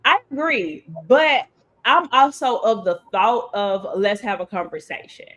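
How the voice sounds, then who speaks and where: A woman's voice: medium pitch, unhurried, a bit bright. A woman co-hosting a podcast, chatting casually and working through advice with acted-out everyday examples. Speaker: podcast co-host. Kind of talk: casual chat.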